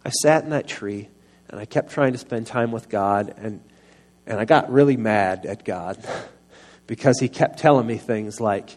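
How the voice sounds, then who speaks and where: A man's voice: fairly low pitch, moderate pace. Earnest man telling a personal story. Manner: earnest and confessional, soft-spoken, rising to raised voice. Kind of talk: personal testimony sermon. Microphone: microphone.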